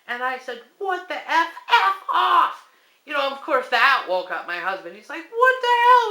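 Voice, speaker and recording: A woman's voice: fairly high pitch, bright, forceful tone, roomy sound. A woman in her thirties telling a spooky story from her home in a casual vlog, acting out her own screams and quoted lines. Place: room at home.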